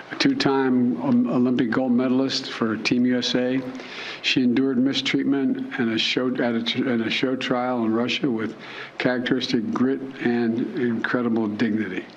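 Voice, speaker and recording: Older man giving a halting statement. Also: mid-range voice, steady tone. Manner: halting, stumbling over words. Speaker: head of state. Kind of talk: prepared public statement. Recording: dull, slightly noisy clip.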